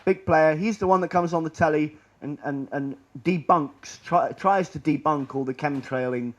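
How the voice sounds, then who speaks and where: A man giving a public presentation in a lecture room, rambling and sardonic, often trailing off quietly. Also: on the high side, moderate pace.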